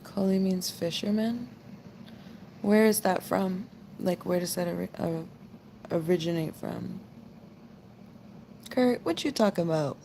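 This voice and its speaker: A woman in her late twenties with a drawl talks to her live-stream viewers in a low, unhurried voice. She rambles casually, full of "like" fillers. A faint room hum sits underneath. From United States. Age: 20s. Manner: rambling, relaxed, lots of "like" fillers. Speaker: livestream host.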